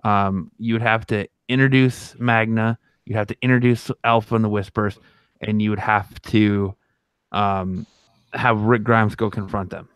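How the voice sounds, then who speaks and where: Low, smooth-voiced man rambling casually. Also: little pitch movement, a little slow, dry recording, studio quality. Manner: rambling with frequent restarts and fillers. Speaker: podcast co-host. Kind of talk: casual fan discussion.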